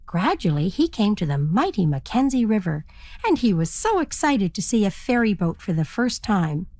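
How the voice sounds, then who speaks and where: A woman storyteller narrating a children's story in an animated, expressive manner. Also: medium pitch, moderate pace, no room sound.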